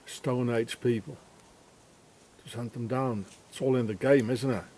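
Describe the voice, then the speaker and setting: A man rambling in a sardonic monologue while feeding cats, often dropping into low muttered asides. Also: steady tone, a little slow, a little mellow. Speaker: vlogger.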